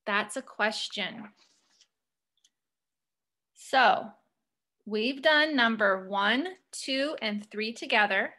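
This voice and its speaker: With a mid-range voice and a sharp tone, a female teacher guides young children through punctuation, reading sentences aloud slowly and posing prompting questions.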